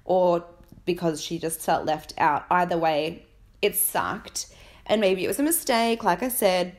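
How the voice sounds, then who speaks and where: A woman, casually recapping a reality show, blunt and indignant, with many fillers and restarts. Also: fairly low pitch. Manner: chatty, blunt and indignant, with fillers and mocking quoted voices.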